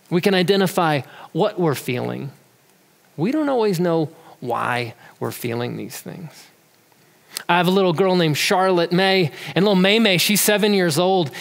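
A man in his thirties preaching a sermon, talking in a conversational way and telling family stories with animation. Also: high voice. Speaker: pastor. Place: church sanctuary. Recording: long church hall reverb.

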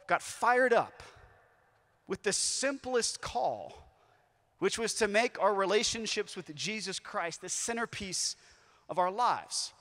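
High-voiced man telling stories in a hall. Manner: lively storytelling with shifting emphasis. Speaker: conference speaker. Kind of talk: youth conference talk. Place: large conference hall. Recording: echoey hall with long reverb.

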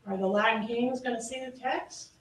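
A woman's voice: a little high, fairly even intonation, moderate pace. Emphatic female prosecutor in an echoey courtroom. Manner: pointed, emphatic, rhetorical questions. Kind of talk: courtroom closing argument. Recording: echoey, distant courtroom audio with faint noise.

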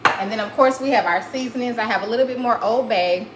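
A woman's voice: fairly high pitch, quick pace, noisy background. A woman hosting a live cooking demonstration in her kitchen, chatty and folksy, calling viewers honey and y'all. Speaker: cooking show host. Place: home kitchen.

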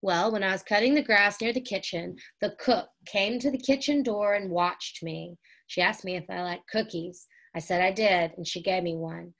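A woman voicing Henry, a cheerful older boy telling his siblings about his day, with a bright storybook lift on excited words. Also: mid-range voice, moderate pace, hardly any pauses. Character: eager older boy, the kind big brother.

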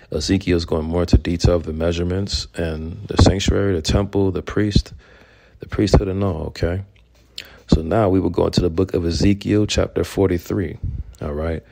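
A man slowly reading scripture aloud as a podcast host, deliberate and plain, now and then restarting a phrase. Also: deep voice, vocal fry, darkish tone. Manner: slow, deliberate reading with small restarts and asides.

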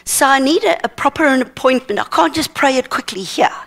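A woman preaches at a seminar, telling a story earnestly and acting out the dialogue. Her voice sits a little high for a woman. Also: expressive, a little fast, creaky, fairly bright tone. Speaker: minister teaching at a seminar. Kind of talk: sermon testimony storytelling.

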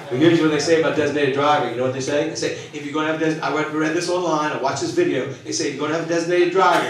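A middle-aged man doing live stand-up comedy on a theater stage, loud and punchy, talking with the audience. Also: on the high side, fast, very echoey, far from the mic. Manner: loud, punchy, crowd-working.

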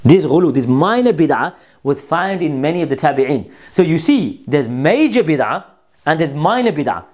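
A man's voice: on the high side, big pitch swings, normal speed, a little mellow. Combative man scolding his opponents. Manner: repeats key phrases for emphasis. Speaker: presenter of a commentary video. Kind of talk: polemical commentary on quoted texts.

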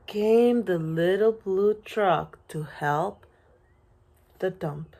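A woman teacher reads a children's picture book aloud from home. She takes it slowly and expressively, with playful animal and truck sounds. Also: fairly low pitch, mellow. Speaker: preschool teacher.

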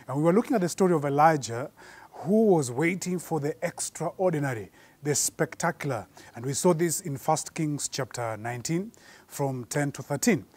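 A man preaching a sermon, slowing down and rising in force to repeat his points. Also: a little high, lively intonation, darkish tone, breathy edge. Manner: measured preaching, slows and rises for emphasis.

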